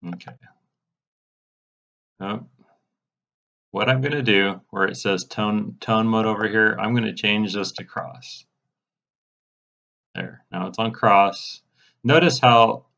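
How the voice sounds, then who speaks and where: A man with a lowish voice explains software settings step by step in a casual, mildly exasperated way. His voice sounds a bit dull and lo-fi, as if captured on a computer mic during a screen recording. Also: creaky. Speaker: radio programming instructor.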